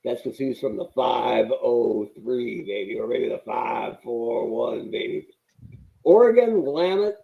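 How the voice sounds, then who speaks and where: A man co-hosting a podcast in casual chat, teasing and joking with quick comebacks. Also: mid-range voice, little pitch movement, gravelly, breathy edge, narrow, tinny audio. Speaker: podcast co-host.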